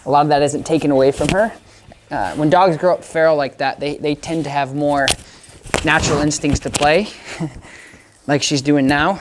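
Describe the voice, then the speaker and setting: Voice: medium pitch, steady tone, moderate pace, noisy background. A dog trainer talking casually through a leash session, upbeat and chatty, praising the dog again and again. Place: indoor room with a dog crate.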